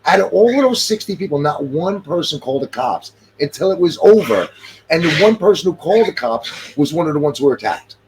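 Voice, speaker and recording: Emphatic middle-aged man, lively pitch. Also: brisk, a little hiss or hum. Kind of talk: casual chat.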